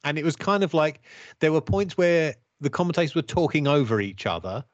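A man's voice: a little high, sing-song, fairly quick, dry recording. Guy cohosting a podcast, wry and critical, dry dull-sounding mic. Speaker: podcast co-host. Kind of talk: casual review chat.

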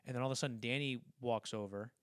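A man's voice: mid-range voice, steady tone, clean tone, no echo. Guy rambling thru a movie breakdown, doing little character voices, dry mic. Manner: rambling, acts out film lines in quick impressions. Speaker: podcast co-host. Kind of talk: casual film discussion.

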